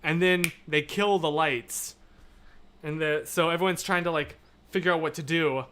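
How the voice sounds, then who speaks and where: A man hosting a livestream, chatting casually and reading viewer comments, rambling and animated, swinging between loud and hushed. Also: fairly high pitch, normal speed, a little hiss or hum. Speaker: livestream host.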